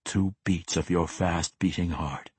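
A man doing a cold, menacing assassin, low and husky. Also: dry recording, exaggerated voice. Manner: calm, measured, threatening. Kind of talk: audiobook character voice.

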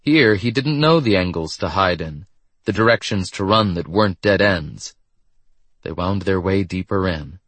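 A man with a husky voice reading a story in steady scripted narration. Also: deep voice, normal speed, dry recording.

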